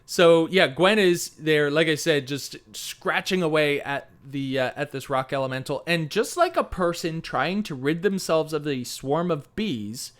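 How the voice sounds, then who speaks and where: A man's voice: a little high, animated, a little slow, few pauses, a bit bright. A man co-hosting a book podcast, talking animatedly with lots of fillers and laughter. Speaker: podcast co-host. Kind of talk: casual book discussion.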